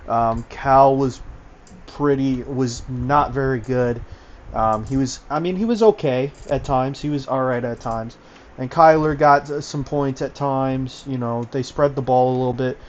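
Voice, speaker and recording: A man's voice: medium pitch, measured pace, muffled recording. Chatty male basketball commentator. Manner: talkative, filler-heavy, analytical. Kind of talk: casual pregame analysis over voice chat.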